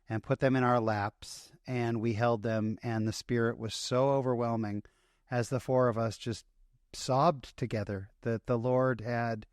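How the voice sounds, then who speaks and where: A man's voice: mid-range voice, no room sound, studio quality. A middle-aged man, a guest in an interview, telling a personal story in an earnest, emotional way with many restarts.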